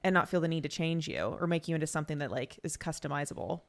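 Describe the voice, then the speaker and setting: A woman's voice: deep voice, lively intonation, fast talker, vocal fry. A woman co-hosting a casual podcast, confidently giving dating advice. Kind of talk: casual chat.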